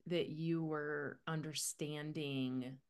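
A woman hosting a faith podcast, thinking aloud in a halting, searching way with many restarts as she asks her guest questions. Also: low voice, fairly even intonation, clean tone. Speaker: podcast host; women's ministry mentor. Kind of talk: faith-based casual conversation.

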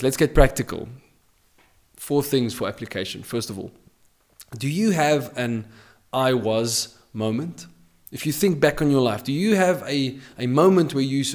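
A man preaching a podcast sermon, emphatic and repeating his key phrases, swinging between loud declarations and hushed lines. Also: mid-range voice.

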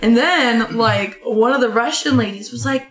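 A woman's voice: on the high side, moderate pace. A young woman telling a rambling work story in a casual chat, full of "like"s. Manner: rambling, animated anecdote with many "like"s. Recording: echoey room.

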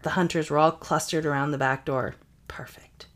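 A woman's voice: low voice, steady tone, normal speed. A woman podcast co-host reading a spooky romance story aloud, with playful asides. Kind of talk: comedic story reading with banter.

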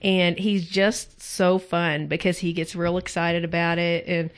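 A woman in her forties co-hosting a casual podcast chat, telling family stories with lively enthusiasm. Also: fairly low pitch, a little slow. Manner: animated, enthusiastic storyteller. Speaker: podcast co-host.

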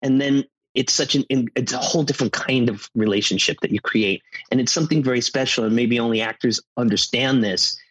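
A man in his fifties, an actor, chatting casually and telling animated stories. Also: mid-range voice, a little fast, few pauses, slightly rough, no echo, rough recording. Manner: animated storyteller, acts out quotes. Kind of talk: casual chat.

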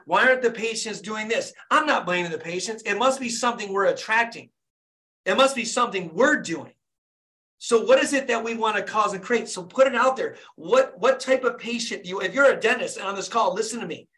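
A man's voice: high voice, bright, forceful tone. A fired-up young man, a dentist, hosting a group video call and urging listeners on with repetitive, preachy motivation.

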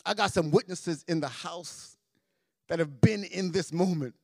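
A man preaching a sermon as a pastor, repeating his phrases and swinging between soft and loud delivery. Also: sits high, unhurried, gravelly, dry recording, clean studio sound. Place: church sanctuary.

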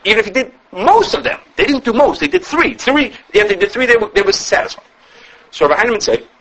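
A male Torah teacher gives a lively lesson, his voice swooping up and down as he talks. He speaks quickly, often restarting phrases and asking "okay?" to check on the class. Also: high-pitched, slight background noise, low-quality recording. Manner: animated, explains with repeated restarts and checking questions.

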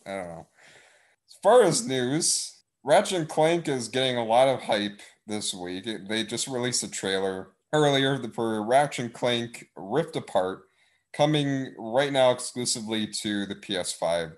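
A man's voice: mid-range voice, animated, unhurried. A man hosting a casual gaming podcast, joking and rambling, often tripping over his words. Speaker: podcast host. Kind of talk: casual gaming news chat. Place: home room with a window.

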